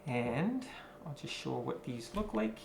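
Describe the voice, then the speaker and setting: A man's voice: mid-range voice, very animated, a little slow, gravelly. Man chatting through a board game unboxing. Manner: chatty, many fillers, rambling asides. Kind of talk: casual unboxing commentary. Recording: echoey room with faint noise.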